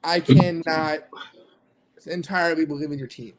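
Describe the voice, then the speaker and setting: A man's voice: on the high side, steady tone, normal speed, crowd noise. A man co-hosting a casual sports podcast, teasing his partner and stammering through his points. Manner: laughing, teasing, stammering restarts. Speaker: podcast co-host.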